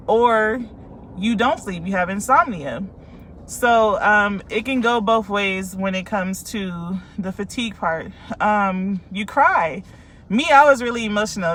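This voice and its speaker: A woman's voice: mid-range voice, fairly bright tone. A woman life coach from California, talking casually and candidly to her followers about her own experience, with many ums and likes.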